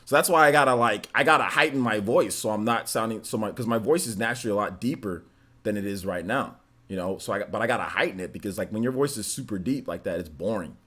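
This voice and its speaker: A man's voice: on the low side, breathy edge. A man in his thirties hosting a gaming show, chatting casually and animatedly and laughing often. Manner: animated, laughs often, drawn-out filler words. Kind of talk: casual streamed chat.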